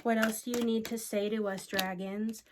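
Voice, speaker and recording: A woman giving a solo spiritual card reading, speaking in an earnest, unhurried way and calling out to unseen spirits. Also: on the high side, fairly even intonation, slight background noise.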